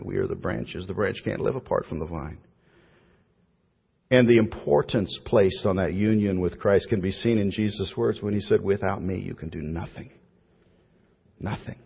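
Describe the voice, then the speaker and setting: A pastor preaching a sermon, building to emphatic points and then letting his phrases trail off softly. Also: fairly low pitch, moderate pace, vocal fry, husky. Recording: dull, echoey church hall.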